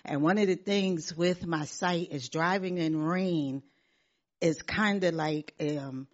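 A woman's voice: lowish voice, takes it slowly. A middle-aged woman giving an earnest church testimony, often repeating herself and laughing as she talks. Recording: dull lo-fi sound.

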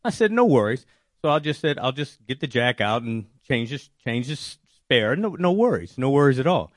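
A man telling a personal faith testimony, animated and acting out his own worried words. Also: mid-range voice, normal speed, dry recording, studio quality. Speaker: testimony speaker.

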